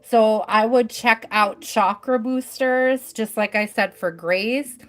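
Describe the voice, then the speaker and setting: A woman's voice: on the high side, slow pace, a bit bright. A middle-aged woman hosting a live tarot reading, chatting in an easygoing way with mild swearing. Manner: chatty, easygoing, mildly profane.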